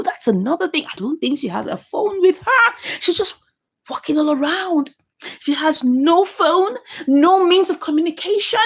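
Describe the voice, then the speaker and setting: Lively high-voiced woman recapping. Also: normal speed. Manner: exclamatory, talks back to the characters, laughs often. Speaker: movie reviewer. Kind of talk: animated movie recap commentary.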